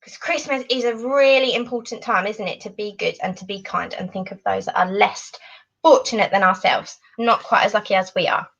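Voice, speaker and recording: A woman leading an online Spanish lesson for children, animated and encouraging. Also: mid-range voice, brisk, highs cut off. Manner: animated, encouraging, sing-song teacher voice.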